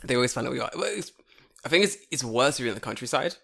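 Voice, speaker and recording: A man's voice: medium pitch, racing, vocal fry. A man co-hosting a podcast, telling stories in casual, profane chat and acting out the voices. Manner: animated, swears a lot, acts out voices. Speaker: podcast co-host.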